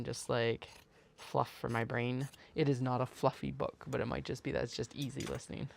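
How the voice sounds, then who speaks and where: Casual sewing-stream host, gravelly fry, rambling and chatty. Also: mid-range voice, slight background noise. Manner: rambling, chatty, full of "like" and restarts. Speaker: bag maker and livestream host. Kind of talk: casual livestream chat while sewing. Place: home sewing studio.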